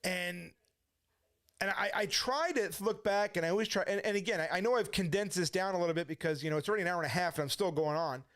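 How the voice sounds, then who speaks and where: A man's voice: sits high, quick pace, fairly bright tone. A middle-aged man telling his personal testimony as a story, acting out the voices of the people he quotes. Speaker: testimony speaker.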